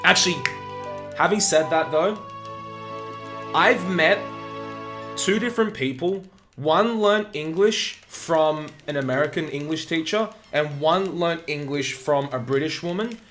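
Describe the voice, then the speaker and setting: A man's voice: a little high, measured pace, music in the background. An Australian man, a speedrun streamer, chatting casually and rambling as he answers his live chat.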